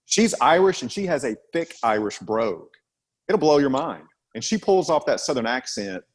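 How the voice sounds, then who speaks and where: A man co-hosting a podcast in casual chat, animated, slipping into voices when he retells something. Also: medium pitch, normal speed. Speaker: podcast co-host.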